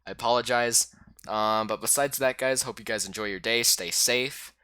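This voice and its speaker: Bright-voiced man rambling through a game recap. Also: mid-range voice, normal speed, smooth, no echo. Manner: rambling, excitable, many fillers. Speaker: YouTuber. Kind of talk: casual game recap voice-over.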